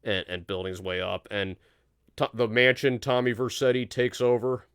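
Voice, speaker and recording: A man hosting a casual live chat show, talking in halting bursts with frequent restarts. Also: medium pitch, flat delivery, a bit bright, clear, resonant tone, no echo, clean studio sound. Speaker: podcast host.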